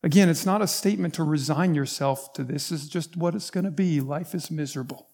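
A man preaching a sermon as pastor, earnest and emphatic, dropping soft and low when he quotes. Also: a little fast, vocal fry. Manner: earnest, building to emphatic points, softening on quotes. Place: church.

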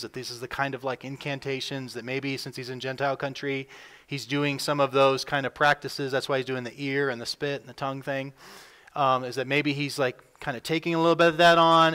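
A male pastor preaching a sermon, relaxed and talking to his congregation the way he would in conversation. His voice sits in an ordinary middle register, and he often slips into the voices of the people in the story. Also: mid-range voice, clear, resonant tone. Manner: conversational, acts out quotes with rising energy.

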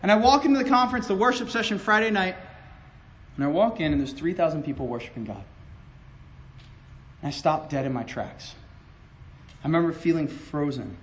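A young man giving an impassioned sermon testimony, stammering over restarts and swinging from loud outbursts to hushed confession. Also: fairly high pitch, lively intonation, brisk, pauses often, a little hiss or hum, rough recording. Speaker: preacher.

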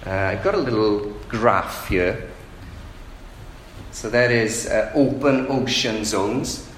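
A man's voice: fairly low pitch, slow, a bit bright. A man preaching a sermon in a conversational way, often asking the listeners rhetorical questions. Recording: echoey room with faint background noise.

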